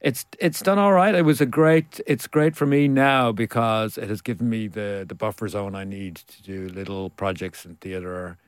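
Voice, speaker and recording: A middle-aged man talks in a fairly low voice, spinning self-mocking anecdotes as an interview guest. He laughs easily between lines. The sound is close and dry, with no room around it. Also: normal speed, hardly any pauses, clear, resonant tone, no room sound. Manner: self-deprecating storyteller, laughs often. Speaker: author guest. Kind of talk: casual interview chat.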